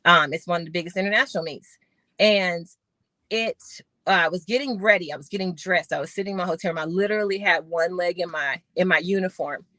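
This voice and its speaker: A middle-aged woman, a podcast guest and former Olympic sprinter, telling her story with animated retellings of conversations. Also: on the low side, fast talker, dry recording. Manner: animated storyteller acting out quoted voices.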